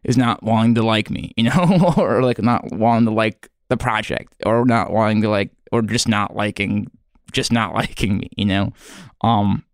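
A man hosting a podcast in a rambling comedic monologue, halting and earnest, full of fillers and restarts, sounding self-doubting. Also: lowish voice, no room sound, studio quality. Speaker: podcast host.

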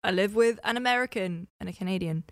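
A woman from the north of England with a northern English accent, co-hosting a casual podcast chat and telling stories in a chatty, animated way. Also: mid-range voice, quick pace, dry recording, clean studio sound. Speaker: podcast co-host.

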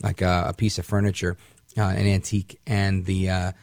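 A man's voice: sits low, level tone, moderate pace, darkish tone, dry recording, clean studio sound. A man hosting a syndicated talk radio show, delivering an indignant, rambling monologue with frequent restarts. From Puerto Rican heritage, raised in the northern US.

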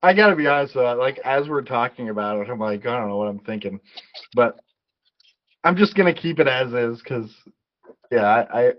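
A man's voice: medium pitch, lively intonation, moderate pace. Man, podcast co-host, easygoing, hesitant, laughs a lot, lo-fi sound. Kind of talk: casual movie review chat.

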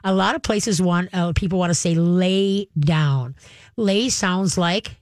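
A woman's voice: fairly low pitch, takes it slowly, a little mellow, no echo, clean studio sound. A woman hosting a call-in radio show, giving folksy, chatty advice on training pets and acting out little voices as she goes.

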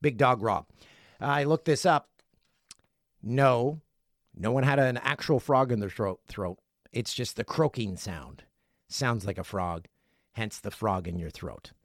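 A man's voice: medium pitch, a little slow, long pauses, no echo. A middle-aged man hosting a podcast from his home studio, reading listener messages aloud in a playful, joking way. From Canada. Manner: playful, jokey, lively delivery. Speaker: podcast host.

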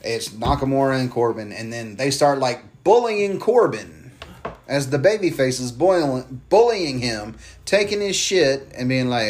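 A man's voice: mid-range voice, expressive, unhurried, a little mellow. A man talking in a loose, heated podcast rant. He swears often and now and then slips into mocking voices to make his point. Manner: heated, swears freely, mocks wrestlers in put-on voices. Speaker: podcast co-host. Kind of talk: casual wrestling chat.

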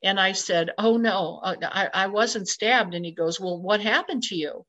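A woman's voice: medium pitch, normal speed, a bit bright. A woman telling a personal ghost story in an emphatic, dramatic way, acting out her own exclamations. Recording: slightly dull lo-fi recording.

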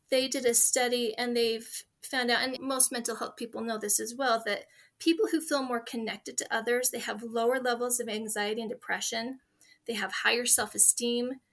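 Woman in her forties, interview guest, earnest heartfelt storytelling, slightly high voice, very bright tone. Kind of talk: conversational interview.

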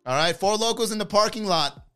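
A man's voice: high voice, fairly quick, sharp tone, clean tone, soft background music. A man hosting a livestream in casual chat, joking and rambling and laughing often. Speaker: livestream host.

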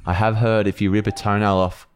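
A man's voice: lowish voice, level tone, brisk, a little hiss or hum. A young man with an Australian accent, co-hosting a podcast in casual, joking chat and swearing freely. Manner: joking, swearing, bursts into laughter. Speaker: podcast co-host.

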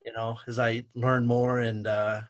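An older man, a retired basketball coach, telling lively anecdotes in a conversation, his voice rising when he retells shouting matches. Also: mid-range voice, unhurried, highs cut off. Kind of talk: storytelling in conversation.

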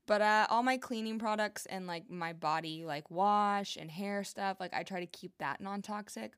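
A woman's voice: medium pitch, gravelly, a bit bright. A young woman chatting casually in a vlog, rambling with lots of fillers. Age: young adult. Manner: chatty, rambling, lots of likes and you knows. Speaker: vlogger. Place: Hawaii home.

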